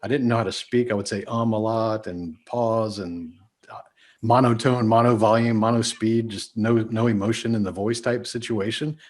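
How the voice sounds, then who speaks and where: In a lowish voice with a steady tone, a Texas-accented man speaks at normal speed. A business speaker guesting on a podcast, he talks casually and with emphasis, regularly varying how fast and how loud he goes.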